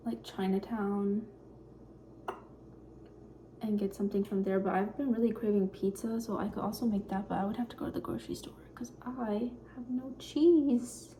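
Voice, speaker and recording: Soft-spoken, mellow young woman rambling. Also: mid-range voice, fairly even intonation, moderate pace, a little hiss or hum. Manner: quiet, shy, rambling with many fillers. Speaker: vlogger. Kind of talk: casual cooking vlog chat. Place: home kitchen.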